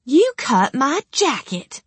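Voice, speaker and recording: A woman voicing a feisty, foul-mouthed young zombie woman in an audiobook, her character voice pitched above her own. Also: animated, measured pace, no room sound. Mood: furious. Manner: foul-mouthed, hot-tempered.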